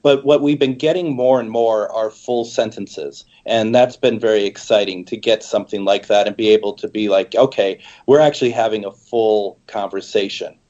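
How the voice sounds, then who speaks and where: A man's voice: on the low side, steady tone, normal speed, hardly any pauses, warm tone. Eager man on a muffled line. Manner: eager, rambling explainer. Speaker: co-host. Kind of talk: casual chat.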